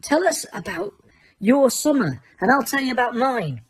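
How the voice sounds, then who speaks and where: A woman's voice: high-pitched, sing-song, moderate pace, husky, pitched above the performer's own voice, full character voice. A woman voicing a determined teenage boy who presses insistently for answers.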